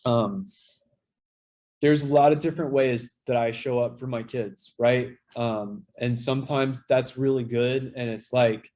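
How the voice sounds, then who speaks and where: A man in his thirties talks candidly at a recovery workshop in a mid-pitched voice. He is casual and self-deprecating. He swears freely and leans on fillers as he goes. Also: steady tone, a little slow, a little mellow. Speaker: workshop speaker.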